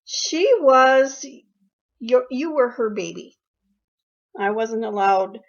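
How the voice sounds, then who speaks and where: An older mother speaks slowly in a somewhat high, animated voice while being interviewed about her daughter. Her storytelling is warm and emotional, full of fond family memories and repeated phrases. The audio is dull and lo-fi.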